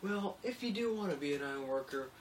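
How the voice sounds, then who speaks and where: A young man voicing a crude, teasing male iron worker from a building site, loud and mocking. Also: on the high side, lively intonation, quick pace, distant mic, a little hiss or hum, pitched above the performer's own voice, close to an everyday voice.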